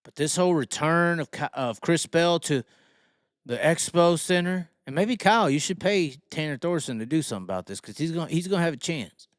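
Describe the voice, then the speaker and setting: A man's voice: a little high, animated, brisk, no room sound, clean studio sound. A man hosting a racing show, ranting heatedly and swearing as he mocks fans and reads the chat. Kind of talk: profane opinion rant on livestream.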